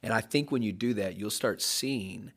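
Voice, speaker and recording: A man's voice: lowish voice, moderate pace, fairly bright tone. A man hosting a podcast, a pastor, chatting casually and affirming his guest with short hums. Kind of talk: casual conversation.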